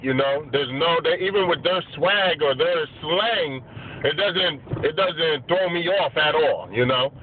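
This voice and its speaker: A man in a casual boxing vlog, talking loose, profane street slang with many fillers. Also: sits high. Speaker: boxing vlogger giving channel shout-outs. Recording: tinny lo-fi phone-like audio with faint hiss.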